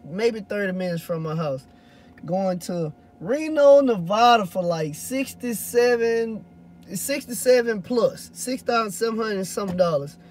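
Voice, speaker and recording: A man's voice: high voice, expressive, a little slow, a little mellow. A man, a hotshot truck driver chatting loosely to viewers in a rambling, swearing way. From Louisiana. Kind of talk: casual vlog chat answering viewers.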